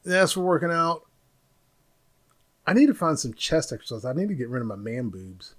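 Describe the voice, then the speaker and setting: Man, podcast host, solo monologue, rambling, opinionated, fairly high voice. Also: very animated, a little fast, a bit bright. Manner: rambling, opinionated, mimics others in raised voice. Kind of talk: casual monologue.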